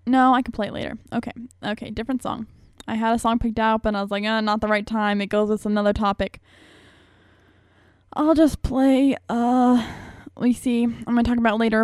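A woman's voice: on the high side, darkish tone, no echo, studio quality. A young woman hosting a radio show, talking in a rambling, chatty, self-mocking way. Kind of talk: casual chat.

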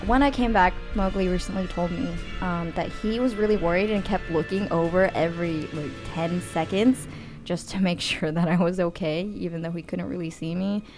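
A woman's voice: fairly low pitch, steady tone, moderate pace, music in the background. A woman in a casual chat, talking hesitantly and laughing often.

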